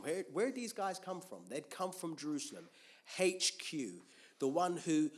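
A man's voice: a little high, very animated, unhurried. A man preaching a Bible teaching sermon, asking rhetorical questions and answering them himself, with frequent restarts and repeated words.

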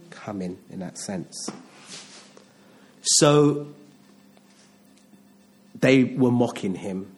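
A man's voice: on the low side, a little hiss or hum. Male preacher, middle-aged, conversational sermon delivery, frequent rhetorical questions.

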